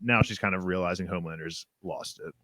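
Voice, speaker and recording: Relaxed male podcast co-host: lowish voice, laughs often, dry sound. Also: fast, no room sound. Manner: laid-back, laughs often. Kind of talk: casual podcast discussion.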